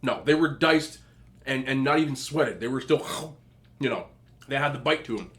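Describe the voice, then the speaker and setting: A man's voice: mid-range voice, normal speed, fairly bright tone. A young adult man telling chatty stories as a mukbang vlogger, eating and talking with his mouth full. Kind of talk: casual storytelling while eating.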